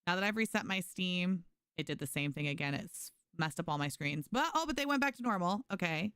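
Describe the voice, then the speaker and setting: A woman's voice: on the low side, expressive, a little fast, a bit bright, clear, resonant tone, dry recording, studio quality. A woman streaming a game live, chatting casually with viewers and thanking them by name. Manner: frequent restarts and fillers. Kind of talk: casual live gameplay commentary.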